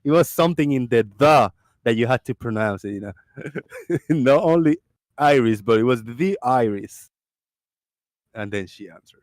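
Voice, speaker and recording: Man, livestream host, lively swinging pitch, dry close sound, animated storyteller. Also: moderate pace, no room sound. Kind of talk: casual live chat.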